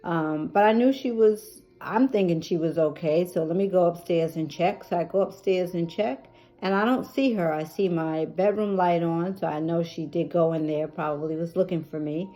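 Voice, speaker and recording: Middle-aged woman storyteller, mellow and fairly low, chatty, with lots of ums. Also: normal speed, few pauses. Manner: chatty and emotional, with many fillers. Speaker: caregiver vlogger. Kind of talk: personal storytelling.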